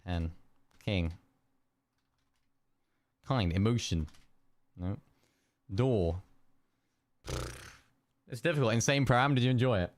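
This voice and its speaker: A man's voice: on the low side, animated, takes it slowly, pauses often. A young man streaming live, muttering one-word guesses to chat, keyboard clicks behind. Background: keyboard clicks and typing.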